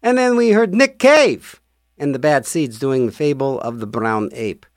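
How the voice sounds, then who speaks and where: A man's voice: mid-range voice, animated, a little slow. A male radio DJ back-announcing songs in casual, rambling patter, jokey and full of restarts.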